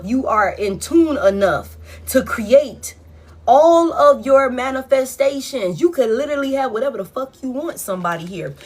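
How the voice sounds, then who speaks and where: A woman giving a casual tarot reading, blunt and profane as she tells it. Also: a little high. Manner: blunt, profane, animated storytelling. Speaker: tarot reader.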